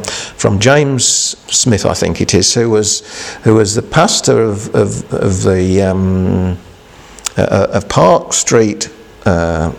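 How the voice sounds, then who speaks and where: Man, preacher, informal sermon, gravelly voice, halting, rhetorical questions. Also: medium pitch, darkish tone. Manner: halting, conversational, with many restarts and rhetorical questions.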